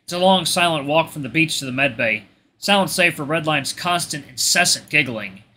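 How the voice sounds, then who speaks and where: A man reading a visual novel aloud in expressive first-person narration, stumbling now and then. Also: a little high, normal speed, a little hiss or hum. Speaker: let's play host.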